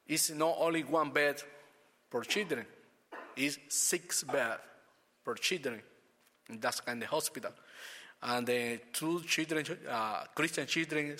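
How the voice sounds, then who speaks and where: In a large hall, a Cuban man whose first language is Spanish gives a church testimony in halting, non-native English, restarting often. His mid-range voice comes across pushed and bright.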